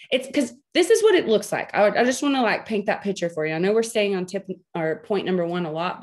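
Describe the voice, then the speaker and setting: A woman in her thirties coaching her team on a video call, chatty and joking, with frequent emphatic "okay?" check-ins. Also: mid-range voice. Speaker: team leader training her sales team. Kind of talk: training talk on a video call.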